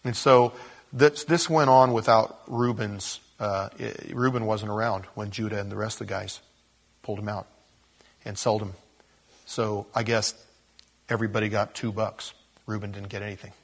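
A man's voice: lowish voice, fairly even intonation, normal speed. A man preaching in a casual teaching style, reading scripture and adding chatty asides with little acted-out quotes. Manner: casual, chuckles at his own asides, acts out quotes. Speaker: pastor. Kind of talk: conversational Bible teaching.

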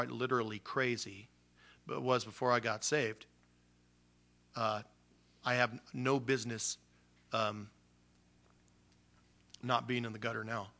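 Bright-voiced man preaching casually. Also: medium pitch, gravelly. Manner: animated, casual slang. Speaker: pastor. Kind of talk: sermon.

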